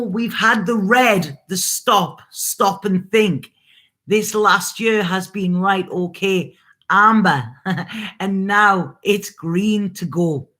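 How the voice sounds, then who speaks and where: A woman's voice: medium pitch, a bit bright. A woman who reads tarot, talking to her viewers in a casual, earnest live stream about love and purpose, laughing easily and swearing now and then. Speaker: tarot reader hosting a live reading.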